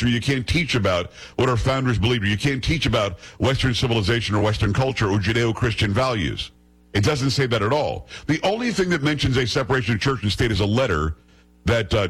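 Man hosting talk radio, husky tone, scornful and emphatic, mid-range voice. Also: medium pitch, fairly bright tone, poor audio. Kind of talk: opinionated talk radio monologue.

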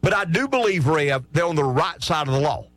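A man holds forth on a sports talk show, his somewhat high voice swinging up and down with lively emphasis. He argues his points hard, tossing out rhetorical questions and answering them himself. The sound is close and dry. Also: a little fast, no echo.

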